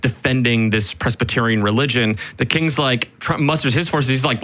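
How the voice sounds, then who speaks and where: A man co-hosting a casual history podcast, telling the story in an animated way with quick quoted asides and frequent "right?". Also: mid-range voice. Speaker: podcast co-host.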